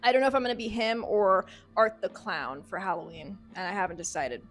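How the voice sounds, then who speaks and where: A woman rambles through a silly, self-mocking outro, tripping over her words as she jumps from one absurd aside to the next. Her pitch sits in a middling range, and faint background music plays under her voice. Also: a little fast. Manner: playful, absurd, stammering asides. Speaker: YouTube host.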